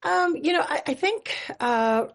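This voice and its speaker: A woman's voice: high voice, lively intonation, a little slow, gravelly. A woman from Manitoba, Canada, a singer-songwriter guest speaking in a radio interview, telling stories in an earnest, reflective way and laughing easily.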